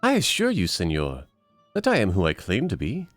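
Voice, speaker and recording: A man voicing a smooth-talking male con man posing as a nobleman, with a theatrical fake foreign accent and courtly manner. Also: on the low side, very animated, normal speed, no room sound, faint music behind. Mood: indignant.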